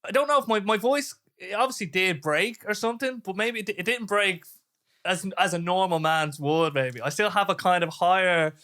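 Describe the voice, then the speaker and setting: A young Irish man hosting a casual podcast chat, loud and animated, laughing often. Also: high-pitched, moderate pace. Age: young adult. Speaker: podcast host.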